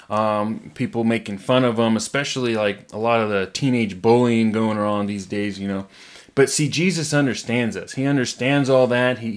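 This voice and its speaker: A man gives a relaxed, conversational sermon in an everyday voice of middle pitch. He talks plainly, stumbles over and repeats words, and keeps checking in with his listeners. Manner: plainspoken, repeats words, often adds tag question "right?". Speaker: preacher.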